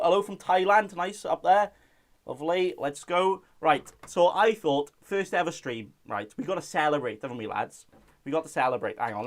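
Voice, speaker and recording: A young Welsh man with a fairly high voice hosts a casual live-stream chat, reading out viewer messages in a jokey way.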